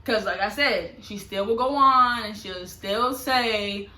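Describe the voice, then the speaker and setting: A woman's voice: medium pitch, slow. Slangy young woman vlogger, echoey room. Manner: slangy, animated, confiding. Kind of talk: casual storytelling to camera.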